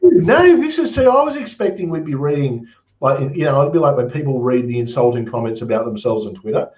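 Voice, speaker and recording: A man's voice: medium pitch, animated, a little fast, a little mellow. An Australian man hosting a casual chat, reading comments aloud in a rambling, good-humored way. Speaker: host. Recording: roomy, dull lo-fi sound.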